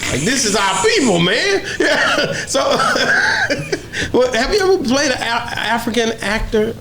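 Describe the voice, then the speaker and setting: High, lively male interview host. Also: takes it slowly, creaky, background noise. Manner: animated, laughing, joking. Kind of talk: casual interview chat.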